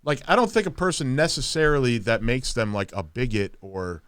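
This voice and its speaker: A man hosting a casual podcast, halting and repeating himself, often laughing. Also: mid-range voice, fairly bright tone, clear, resonant tone, no echo, clean studio sound. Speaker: podcast host.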